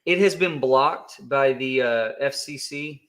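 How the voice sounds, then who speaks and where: A man in a casual live stream chat, joking around and circling back on his thoughts with frequent restarts. His voice sits at an ordinary middle pitch for a man. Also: takes it slowly, a bit bright. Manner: joking, rambling with many restarts. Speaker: co-host of a crypto livestream.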